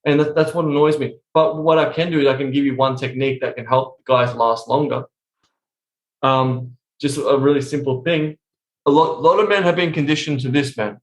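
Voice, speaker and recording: A man speaking as a coach on a casual podcast interview over a remote call, blunt and animated, swearing constantly. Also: medium pitch, normal speed, roomy sound, rough recording.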